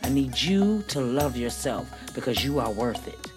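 A woman hosting a motivational podcast, talking in a preachy, emphatic way that swells to near-shouting. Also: animated, moderate pace, over music. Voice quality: husky, low voice. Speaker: podcast host.

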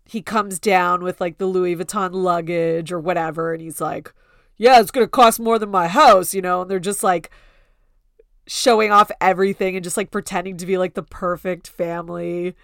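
A woman's voice: lowish voice, level tone, moderate pace, gravelly, fairly bright tone, clear, resonant tone, no echo, clean studio sound. A woman hosting a podcast in a casual gossip style, chatty and full of "like" fillers, now and then mocking people in quoted voices. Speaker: podcast host.

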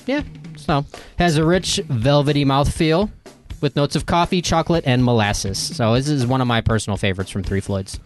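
A man co-hosting a casual podcast, presenting a beer in a relaxed, wry way. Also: medium pitch.

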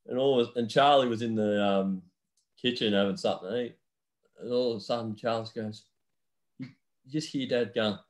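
A man in his younger years, chatting on a podcast at a middling pitch. He tells rambling family stories, breaking into laughter and swearing freely. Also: moderate pace, long pauses. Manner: laughing storyteller, swears a lot. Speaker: podcast co-host. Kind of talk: casual chat.

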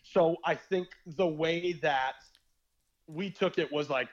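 A young man, a former reality game contestant, telling stories in a rambling, animated casual chat. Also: a little high, slow pace, dull audio. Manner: rambling, animated storytelling with fillers.

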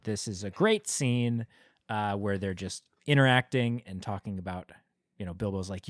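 A man co-hosting a casual podcast, retelling film scenes with lively quoted voices. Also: lowish voice, normal speed, no room sound, clean studio sound. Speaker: podcast co-host. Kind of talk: casual film review chat.

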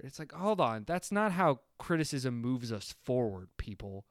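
Animated ranting man on a podcast. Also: mid-range voice, normal speed, few pauses, clean tone, dry recording, clean studio sound. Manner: animated, ranting, swearing casually. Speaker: podcast co-host. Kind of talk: casual film discussion.

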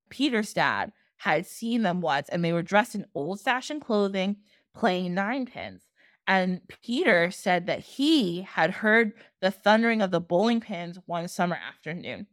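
A woman podcast host retelling a folk tale in casual, animated storytelling, laughing often. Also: medium pitch, a little slow, dry recording, studio quality.

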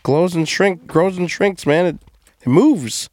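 A man's voice: sits high, a little slow, darkish tone. A man co-hosting a podcast, joking profanely and acting out mock dialogue. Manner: jokey, profane, acts out voices. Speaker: podcast co-host. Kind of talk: casual podcast banter.

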